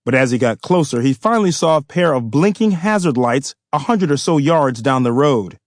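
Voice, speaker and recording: A man narrating his own novel as an audiobook, in a measured, even manner. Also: a little high, dry recording, clean studio sound. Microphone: studio microphone.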